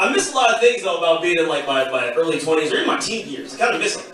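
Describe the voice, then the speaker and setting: A man's voice: fairly high pitch, big pitch swings, racing, a bit bright. A man in his thirties doing a stand-up comedy set in a packed club, with wry, self-deprecating delivery. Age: 30s. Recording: echoey club from far off with crowd.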